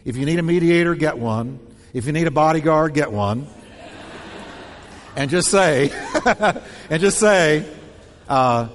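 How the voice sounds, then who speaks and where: A man preaching a sermon with a fairly high voice that leaps up and down in pitch. He drives his points home in short, punchy bursts and repeats key lines. His voice rings out with a long reverb, as if he were speaking in a large hall. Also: a little slow, pauses often. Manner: animated, punchy delivery with repeated short phrases. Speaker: pastor.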